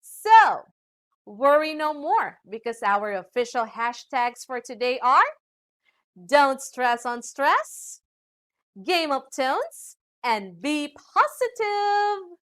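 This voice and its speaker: A woman from the Philippines with a Filipino accent, teaching a scripted English pronunciation lesson to students. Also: high voice. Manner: slow, lively teacherly delivery addressing students.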